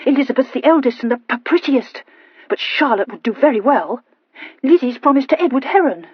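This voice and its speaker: A woman's voice: high voice, expressive, a little fast, breathy edge, no echo, muffled recording, pitched above the performer's own voice. Woman playing a blunt, stammering young girl. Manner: tense, blunt, with a slight stammer.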